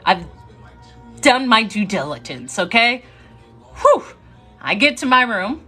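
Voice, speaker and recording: Young woman, lively casual storyteller, higher voice, light music underneath. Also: slow pace, breathy edge. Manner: chatty, animated, breaks into laughs. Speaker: storyteller on a live stream. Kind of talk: casual storytelling to a live audience.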